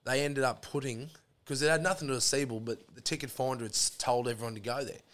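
A man's voice: medium pitch, steady tone, fast, fairly bright tone. An Australian man telling a rambling, sweary story in a casual chat, throwing in lots of "mate". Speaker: podcast guest.

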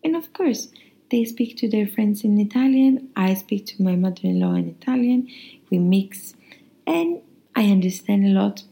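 Gravelly Swedish woman chatting casually. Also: medium pitch, lively intonation, normal speed, dark tone, low-quality recording. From Sweden. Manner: chatty, rambling anecdotes with restarts. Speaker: podcast host. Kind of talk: casual monologue.

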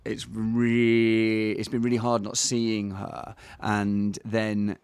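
A man's voice: fairly low pitch, completely flat delivery, takes it slowly, darkish tone, clean tone, no room sound. An English man in his thirties chatting casually as a podcast co-host, rambling with fillers. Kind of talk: casual chat.

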